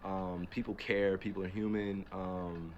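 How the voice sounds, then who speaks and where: A man from New Jersey talking on a livestream, animated and emphatic, asking and answering his own rhetorical questions. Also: sits low, measured pace, highs cut off, crowd noise. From New Jersey, USA. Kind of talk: casual livestream chat.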